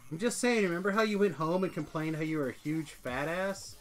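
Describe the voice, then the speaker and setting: Excitable joking male streamer. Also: on the high side, fairly quick. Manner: excitable, joking, swings between loud and mumbled. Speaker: live streamer. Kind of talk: casual stream chat during gameplay.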